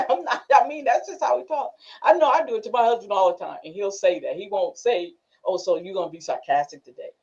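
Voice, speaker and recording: A woman's voice: a little high, fairly quick, a little mellow. A woman hosting a casual group discussion, telling stories animatedly and laughing often. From northern United States. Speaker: class host. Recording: muffled lo-fi recording.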